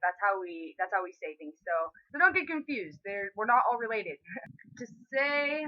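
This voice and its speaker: A woman vlogger from California talks casually to her viewers with a playful, chatty manner. Her pitch sits in the middle for a woman's voice. The audio is a little dull and lo-fi. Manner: chatty, playful, laughs between points. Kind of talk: casual explainer vlog. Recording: slightly dull lo-fi sound.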